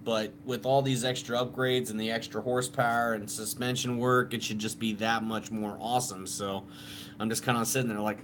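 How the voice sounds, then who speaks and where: A man's voice: mid-range voice, a bit bright, a little hiss or hum. A man co-hosting a live stream in casual chat, laid-back and swearing freely.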